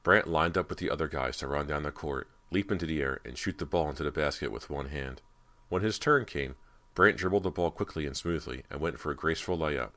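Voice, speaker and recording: A man reading a spooky teen novel aloud as an audiobook narrator, in steady, measured storytelling. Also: very deep voice. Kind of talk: scripted narration.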